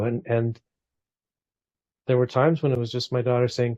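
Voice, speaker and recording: A man's voice: medium pitch, little pitch movement, normal speed, dry recording, highs cut off. A man in his forties talking reflectively in a casual conversation, full of restarts and small asides. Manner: reflective, warm storytelling with frequent restarts.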